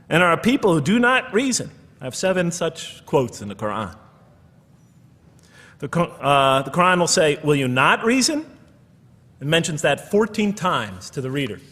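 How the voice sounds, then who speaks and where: A man's voice: on the high side, a bit bright. American man lecturing in a reverberant hall. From United States. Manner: conversational with wry asides. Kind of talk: public lecture. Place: large lecture hall with audience. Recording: long reverb of a large hall.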